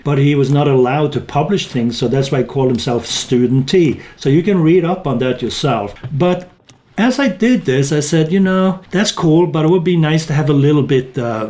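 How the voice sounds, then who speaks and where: A man with a slightly high voice talks through a software demo on screen. He thinks aloud and stops to correct himself now and then, in a loose and casual way. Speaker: tech tutorial presenter. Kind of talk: screen-recorded software walkthrough.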